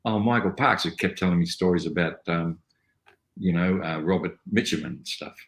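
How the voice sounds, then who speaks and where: An older man with an Australian accent, telling rambling, animated stories as an actor guest on a video call. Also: deep voice, normal speed, reverberant, poor audio. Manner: rambling, animated storytelling with mimicry. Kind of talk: casual interview anecdotes.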